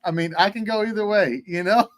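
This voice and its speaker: Man from Texas, interview guest, rambling, filler-heavy, slightly high voice, dry sound. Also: a little fast, no echo. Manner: rambling storyteller with many fillers and playful asides. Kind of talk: casual interview chat. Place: at home in Houston.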